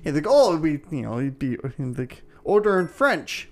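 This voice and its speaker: Lively young man telling stories. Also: mid-range voice, moderate pace. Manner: animated storyteller, acts out quotes, stumbles and repeats words. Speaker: podcast co-host. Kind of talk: casual chat.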